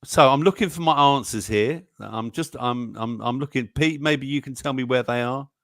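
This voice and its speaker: A man's voice: mid-range voice, normal speed, no echo, clean studio sound. A man, co-hosting a live chat show, telling stories and laughing often. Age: 60s. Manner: chatty, laughs often, tells stories animatedly. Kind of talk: casual chat reading viewer comments.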